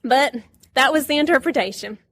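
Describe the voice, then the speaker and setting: A woman giving a casual Bible lesson, chatty and quick to laugh, acting out the lines she quotes. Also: high-pitched, fairly bright tone, no echo, studio quality. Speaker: Bible teacher.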